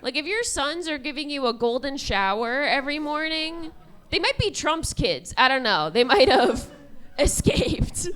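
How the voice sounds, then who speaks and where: Speaking slowly in a high voice, a woman in her twenties delivers a stand-up set at a club. She's deadpan yet keeps laughing at her own jokes.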